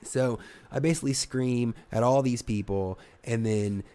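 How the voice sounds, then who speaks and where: A man's voice: medium pitch, unhurried. A young adult man, a stand-up comedian, telling a casual, profane story on a podcast and acting out voices as he goes. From Ohio, US. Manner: animated, swearing, acts out voices in his anecdotes.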